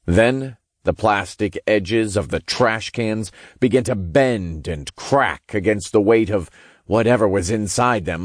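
A man narrating a first-person novel in a steady storytelling manner with casual swearing. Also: lowish voice, no room sound, clean studio sound. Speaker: audiobook narrator.

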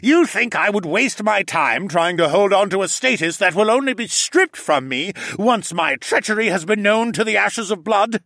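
A man's voice: high-pitched, lively intonation, moderate pace, few pauses, pushed and bright, no echo, clean studio sound, voice pushed up, heavily acted. A male audiobook narrator voicing a treacherous, snake-like councilman villain who sneers and bellows. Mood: sneering. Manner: sneering, bellowing, spitting words.

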